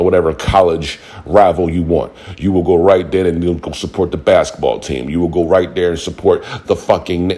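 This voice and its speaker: A man's voice: deep voice, a little mellow. A man ranting angrily and profanely to his audience, mocking the people he argues with. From Buffalo, New York. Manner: heated and profane, mocking quoted voices. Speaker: vlogger. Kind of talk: angry rant to camera.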